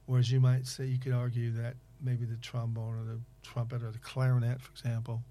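A man interviewing in casual conversation, rambling and halting with many fillers and restarts. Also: medium pitch, monotone, dark tone, a little hiss or hum.

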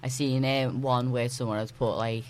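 A man's voice: medium pitch, fairly even intonation, normal speed, slight background noise. A man in a casual group chat, talking emphatically and peppering his speech with "like". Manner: emphatic, filler-heavy with "like". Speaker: discussion participant.

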